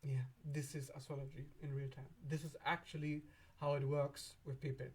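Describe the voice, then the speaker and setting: Husky, animated male astrology host. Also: mid-range voice, normal speed. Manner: animated, playfully acts out imagined voices, laughs often. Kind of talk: casual astrology talk.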